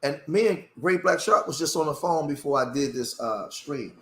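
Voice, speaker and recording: A man's voice: a little high, lively intonation, moderate pace, fairly bright tone, a little hiss or hum. Impassioned man streaming in a roomy space. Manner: impassioned, rambling with restarts. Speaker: live streamer. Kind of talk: emotional live-stream talk. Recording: roomy echo.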